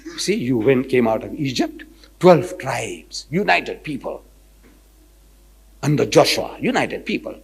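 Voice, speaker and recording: A man giving a storytelling lecture, acting out both sides of a debate and quoting scripture in a measured cadence. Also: mid-range voice, sing-song, gravelly, slightly rough. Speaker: Islamic lecturer.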